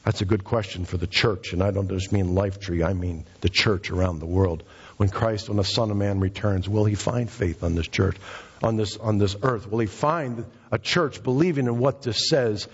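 Pastor, male, husky voice, impassioned preaching style, dull lo-fi recording. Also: moderate pace, big-room sound. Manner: impassioned preaching, rising in pitch for emphasis. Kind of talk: sermon. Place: church sanctuary.

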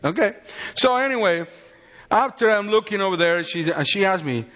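A man's voice: sits high, expressive, moderate pace, pushed and bright, big-room sound, highs cut off. A man in his fifties from Mexico with a Mexican Spanish accent, a native Spanish speaker giving an earnest, rambling sermon testimony in broken English.

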